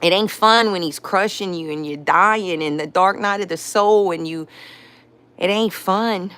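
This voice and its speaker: Slangy, laughing woman, low voice. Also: unhurried, smooth. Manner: slangy, laughs often, animated. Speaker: live-stream host. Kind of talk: casual live-stream talk on faith.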